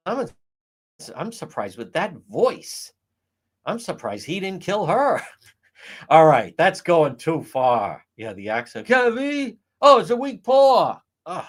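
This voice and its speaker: A man hosting a casual livestream, ranting in an animated, profane way. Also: mid-range voice. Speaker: livestream host.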